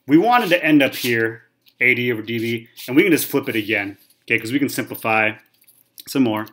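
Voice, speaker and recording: A man's voice: medium pitch, lively intonation, a little fast, fairly bright tone. A man in his thirties, a math teacher talking casually through a whiteboard lesson, checking in with okay and right. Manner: chatty, repeats okay and right often.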